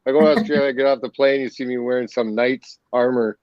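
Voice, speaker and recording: A man's voice: mid-range voice, fairly even intonation, quick pace, a little mellow, no room sound. A man chatting casually as a guest, playful and jokey. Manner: playful, jokey, laughs often. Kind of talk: casual chat. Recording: dull lo-fi dry sound.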